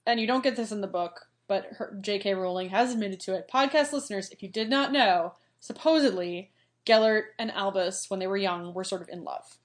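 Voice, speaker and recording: A woman's voice: mid-range voice, fairly quick. A woman co-hosting a podcast, chatting casually about a book, loose and full of fillers. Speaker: podcast co-host. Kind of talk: casual book-discussion chat.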